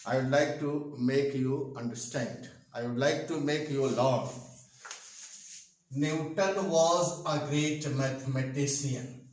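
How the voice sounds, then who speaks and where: An older man from India, a retired English teacher, explaining grammar slowly at a whiteboard with an Indian English accent and many hesitant pauses. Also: medium pitch, fairly even intonation. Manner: slow, repetitive explaining with frequent hesitations. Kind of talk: classroom grammar lesson. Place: classroom with whiteboard. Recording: echoey room, far from the mic.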